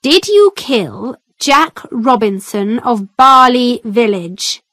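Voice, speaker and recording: A woman's voice: fairly high pitch, expressive, takes it slowly, pushed and bright, no echo, heavily acted. A woman reading a storybook, voicing a cold, important male judge who asks stern questions. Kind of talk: storybook reading for English learners.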